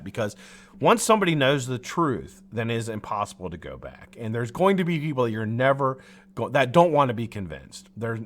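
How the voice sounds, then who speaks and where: A livestream host rants heatedly in frustration, swearing freely, rambling, and restarting his sentences while laughing at his own jokes. His mid-range voice has a sharp tone.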